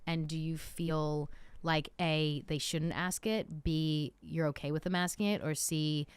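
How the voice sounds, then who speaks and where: A woman's voice: low-pitched, fairly even intonation, unhurried, clear, resonant tone, dry recording. A woman in her thirties, born in South Africa, hosting a podcast with a mixed Australian and American accent, talking animatedly and swearing casually. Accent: Australian with American mix. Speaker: podcast host. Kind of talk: casual interview chat.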